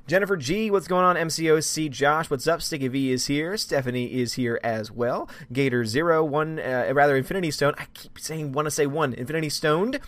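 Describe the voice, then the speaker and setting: A man's voice: on the high side, a bit bright, no room sound. A man hosting a casual live stream, greeting viewers by name and reading their comments aloud.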